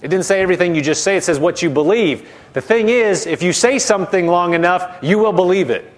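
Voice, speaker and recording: A man preaching a sermon, emphatic and repetitive, dropping soft and low to model spoken declarations.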